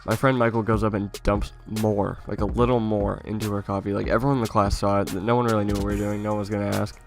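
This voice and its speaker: A young man with a lowish voice tells a childhood story in a loose, chatty vlog style. He laughs often and swears now and then. Faint music plays underneath. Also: quick pace. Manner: laughing through an animated anecdote, casual swearing. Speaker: YouTuber.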